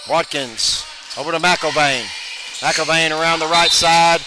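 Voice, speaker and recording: A man calls a high school basketball game play-by-play, with noisy gym ambience behind him. He runs through passes with rapid calls and his voice rises in bursts of excitement whenever a shot is made.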